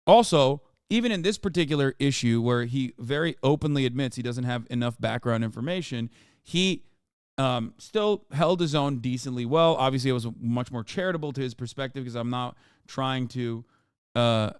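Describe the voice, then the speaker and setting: Ranting streamer man, smooth dry voice. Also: medium pitch, moderate pace, no room sound. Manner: exasperated, ranting, swears a lot. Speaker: streamer reacting to a video. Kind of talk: casual livestream reaction.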